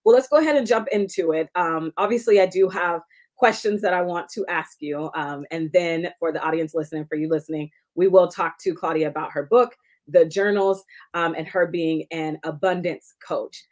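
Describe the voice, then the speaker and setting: A woman's voice: fairly low pitch, normal speed, darkish tone. A woman hosting her own podcast, upbeat and chatty, laughing often as she talks with a guest. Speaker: podcast host and coach. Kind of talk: casual interview chat.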